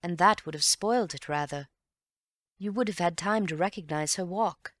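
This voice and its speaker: A woman reading an audiobook and voicing a calm, wry gentleman amateur detective who reasons in an unhurried, teasing way. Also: on the low side, no echo, clean studio sound, natural voice. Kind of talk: audiobook character voice.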